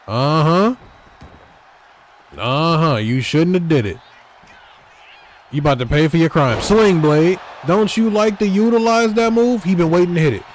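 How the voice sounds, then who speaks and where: A man giving excitable, trash-talking play-by-play commentary over a wrestling video game, talking straight to the wrestlers. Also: a little high, a little slow, pauses often, slight background noise.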